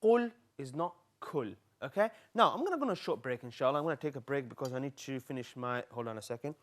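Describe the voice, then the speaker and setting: A young man teaching children on a live TV lesson, coaxing them through slow, exaggerated sound drills. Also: mid-range voice. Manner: lively, coaxing, speaks directly to kids.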